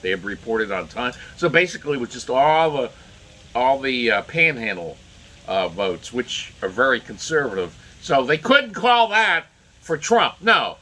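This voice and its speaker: A man's voice: medium pitch, very animated, normal speed, sharp tone. A man giving indignant solo political commentary, rambling with many fillers and restarts.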